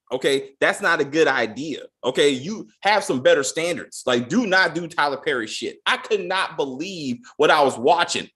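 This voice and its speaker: A man's voice: high-pitched, fairly bright tone. Profane man ranting through a spoiler recap. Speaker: TV show reviewer.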